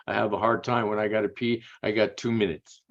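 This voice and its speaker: A man's voice: on the low side, little pitch movement, brisk, dull audio. A man telling blunt, crude-humored stories as an interview guest, tagging his lines with "man" and "eh". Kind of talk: casual storytelling.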